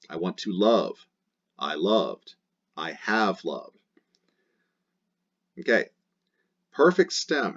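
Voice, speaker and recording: A man's voice: on the low side, slightly rough. A man teaching a grammar lesson, explaining step by step and drilling endings aloud in rhythmic lists. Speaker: Latin teacher. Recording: dull lo-fi recording.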